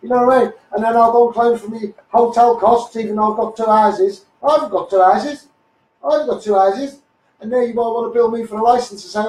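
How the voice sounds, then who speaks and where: A man with a Liverpool accent, hoarse, ranting combatively on a live stream and calling viewers mate. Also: extremely high pitch, steady tone, quick pace, darkish tone. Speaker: activist livestreamer. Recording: echoey, mic held at a distance.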